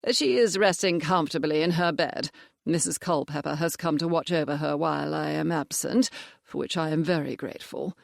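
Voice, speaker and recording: A genial older village rector speaks gently in an audiobook, voiced by the narrator. His gravelly voice sits close and dry, without any room echo. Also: on the high side, moderate pace. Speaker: character in an audiobook. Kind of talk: audiobook character voice.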